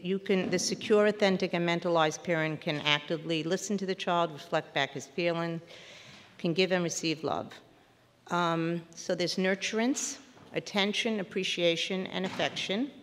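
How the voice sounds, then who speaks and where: A woman's voice: on the low side, moderate pace, in a large hall. A woman therapist giving a parenting workshop lecture, earnest and emphatic, often breaking off and restarting mid-word.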